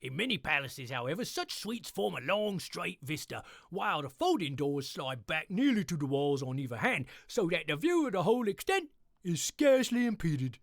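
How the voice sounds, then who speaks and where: A man putting on a cheerful English accent to read a gothic tale aloud in a theatrical, drawn-out way. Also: a little high, very animated, gravelly, dry recording, studio quality. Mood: sprightly. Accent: put-on English. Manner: theatrical, drawn-out emphatic reading. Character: cheerful upbeat English male storyteller. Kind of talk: dramatic horror story reading.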